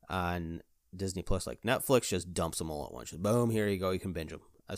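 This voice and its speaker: A man hosting his own podcast, chatting alone in an excitable, rambling way full of "like". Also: sits low, smooth, no echo, studio quality. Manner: excitable, rambling, fills talk with "like". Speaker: podcast host. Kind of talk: casual solo chat.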